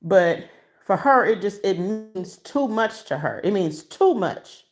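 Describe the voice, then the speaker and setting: A Michigan woman hosts a casual livestream from home, talking to her chat on a phone she holds in her hand while walking around. Her voice is medium-pitched and slow, and she's emotional and expressive with a preachy streak.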